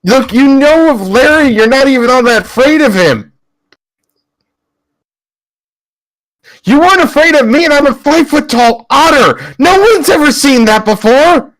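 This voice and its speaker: A man's voice: extremely high pitch, expressive, moderate pace, a bit bright, voice pushed up, rough recording. A man voicing a brave, cheerful otter hero who cheers a friend on in a tabletop game. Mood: encouraging. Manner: peppy, cheering.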